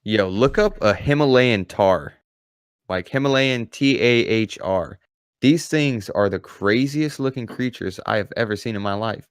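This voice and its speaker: A man guesting on a casual podcast, excitable and chatty, peppering his talk with dude and man. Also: on the low side, unhurried, clean tone, dry recording, clean studio sound. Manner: excitable storyteller, says man and dude a lot. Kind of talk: casual chat.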